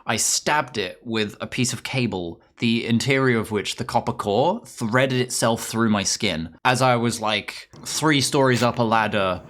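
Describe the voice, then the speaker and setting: A man's voice: mid-range voice, measured pace, few pauses, a bit bright. A man with an English accent streaming a game, chattering casually in a profane, rambling, ranting way.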